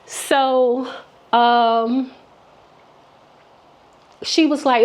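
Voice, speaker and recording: A woman vlogger speaks at a measured pace in a medium-pitched voice, sharing a personal story in relaxed conversation. Her delivery is candid and chatty, peppered with fillers and false starts, and she often voices what other people said.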